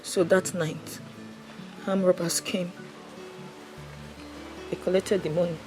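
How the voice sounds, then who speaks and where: An actress playing a tearful relative who recounts a tragedy while crying. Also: female voice, lowish voice, flat delivery, slow. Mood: grieving. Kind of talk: Nollywood film acting. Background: music.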